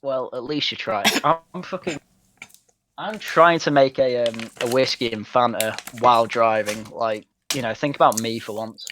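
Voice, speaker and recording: A man's voice: mid-range voice, normal speed, a bit bright, slight background noise. A young man from Manchester, chatting bluntly and swearing while streaming a game. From Manchester, England. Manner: blunt, sweary, mocking banter. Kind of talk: casual chat while gaming.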